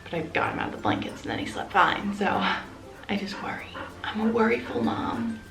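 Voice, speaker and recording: A woman's voice: sits low, big pitch swings, quick pace, vocal fry, in a whisper. Chatty woman vlogging at home. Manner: chatty, coos and talks to her dogs. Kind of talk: casual vlog chat. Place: home, indoors and yard. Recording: echoey room with music bed.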